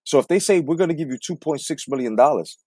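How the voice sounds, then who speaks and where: Fiery, animated man ranting. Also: a little high, fast talker, no echo, clean studio sound. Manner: combative, repetitive, swearing heavily. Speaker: boxing commentary host. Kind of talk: profane live-stream rant.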